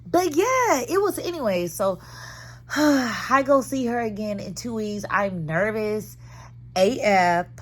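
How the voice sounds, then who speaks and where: A woman's voice: medium pitch, lively intonation, takes it slowly. A woman in her thirties talking candidly and dramatically to viewers about therapy, full of slang, recorded in her car. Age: 30s. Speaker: vlogger. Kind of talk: casual chat.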